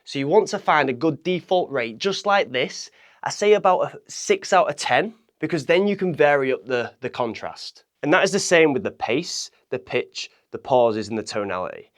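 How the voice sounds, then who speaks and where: A man teaching public speaking to camera, addressing the viewer directly in an energetic way and deliberately swinging his pitch, volume and pace to demonstrate each point. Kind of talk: instructional talk to camera.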